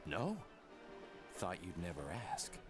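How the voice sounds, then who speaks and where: An actor playing a laid-back young male assassin in a video game, with flat, sarcastic delivery. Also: low-pitched, takes it slowly, over music, full character voice. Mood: deadpan.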